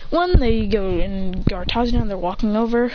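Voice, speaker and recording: A woman's voice: expressive, normal speed. A woman telling an improvised fan story, acting out the characters' lines in between. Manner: rambling, acts out lines, jumps in pitch. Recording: dull lo-fi home recording with faint hiss.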